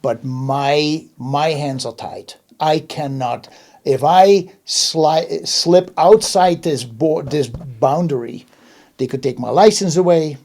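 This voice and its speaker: Man, host, mellow tone, emphatic, repeats words, casual interview. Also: a little high, takes it slowly.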